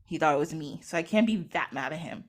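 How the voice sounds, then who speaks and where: A woman voicing a compassionate goddess queen who speaks in a calm, measured way. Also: deep voice, pitched below the performer's own voice. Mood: forgiving.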